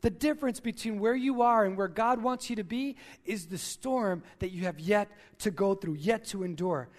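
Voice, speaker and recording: High-voiced male pastor preaching. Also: normal speed. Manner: repeats key lines for emphasis, addresses listeners directly. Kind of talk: sermon.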